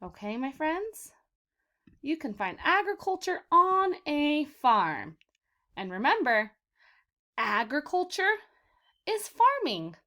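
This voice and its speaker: A woman teacher leading a vocabulary lesson for young children, sounding out words slowly for them to repeat and calling them "my friends.". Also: sits high, sing-song, bright, forceful tone. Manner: slow, exaggerated word modeling for repetition; encouraging, addresses children as "my friends".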